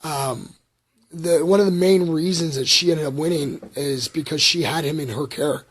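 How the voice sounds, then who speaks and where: A middle-aged man from Canada vlogs on a casual livestream in a husky, fairly high-pitched voice at a moderate pace. His talk is confessional and meandering, peppered with fillers and asides to his audience.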